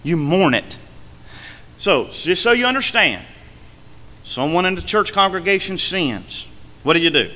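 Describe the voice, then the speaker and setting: A male pastor preaching a sermon from the pulpit, swinging between emphatic and hushed delivery. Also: high-pitched, sing-song, measured pace, long pauses, in a large hall. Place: church sanctuary.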